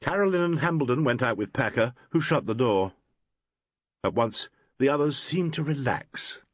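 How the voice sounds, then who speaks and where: Expressive husky male narrator. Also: medium pitch, moderate pace, no echo. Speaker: audiobook narrator. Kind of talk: scripted narration.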